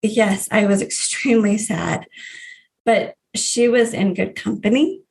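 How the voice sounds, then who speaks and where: Woman, thirties, podcast guest, grief coach, earnest personal storytelling, soft laughs, gravelly fry. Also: medium pitch, a little slow. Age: 30s.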